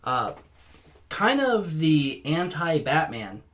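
A man's voice: on the high side, sing-song, slow pace, fairly bright tone. A man in casual podcast chat, earnest and hesitant, full of ums and uhs. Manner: hesitant, filler-heavy, earnest.

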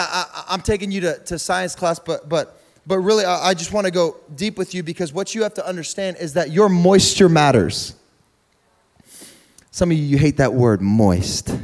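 A young man preaching a sermon through a funny personal story, chatty and repetitive, building to loud preaching. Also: a little high, animated, moderate pace. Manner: conversational, humorous, repeats words, rises to loud preaching.

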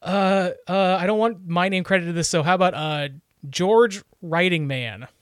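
Rambling, joking man with a slightly high voice. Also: normal speed, fairly bright tone, clean tone, no echo, clean studio sound. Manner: rambling, joking, many restarts and fillers. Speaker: podcast co-host. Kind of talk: casual chat.

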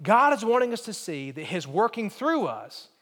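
A male pastor preaching a sermon in a church sanctuary, with an emphatic, repetitive cadence that builds up and then drops quiet. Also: high voice, very animated, normal speed. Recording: long hall reverb.

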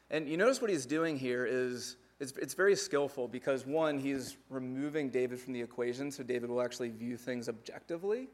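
A young adult man, a pastor, gives a conversational sermon built on numbered points with lively asides. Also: mid-range voice, fairly quick, few pauses.

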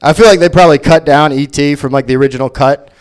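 A man's voice: a little high, fast talker, smooth. A man doing a stand-up comedy set, ranting sarcastically with lots of swearing. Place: comedy venue.

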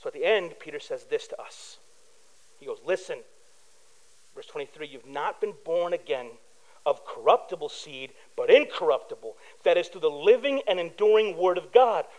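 A man's voice: on the high side, normal speed, low-quality recording. A middle-aged male pastor preaching a sermon in a casual, conversational way, telling personal stories and acting out quoted voices. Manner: animated, acts out quoted voices.

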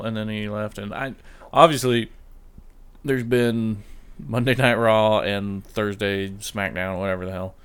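A man with a bright, forceful tone and a slightly low voice talks casually on a podcast. He rambles and cuts himself off. He slips into quick impressions of what people said. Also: steady tone, clean tone. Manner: rambling, self-interrupting, mock-quoting people. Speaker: podcast co-host. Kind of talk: casual chat about wrestling.

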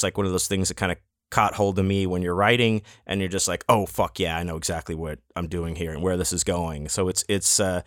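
A man hosting his own podcast, chatting in a loose, rambling and playful way. His voice sits a little low and sounds dry and close to the mic. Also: a bit bright, no echo. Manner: rambling and playful, many fillers and restarts. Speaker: podcast host. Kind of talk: casual solo podcast talk.

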